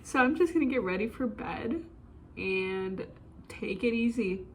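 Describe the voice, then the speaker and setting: A young woman vlogger with a slightly high voice talks to the camera in a chatty, joking way. She pokes fun at herself as she goes, and a faint background noise sits under her voice. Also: lively intonation, measured pace. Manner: chatty, joking, self-mocking. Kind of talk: casual vlog chat.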